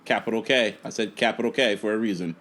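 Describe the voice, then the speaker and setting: A man co-hosting a casual podcast, telling a story in an animated, profane way. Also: fairly low pitch, fast. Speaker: podcast co-host. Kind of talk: casual chat.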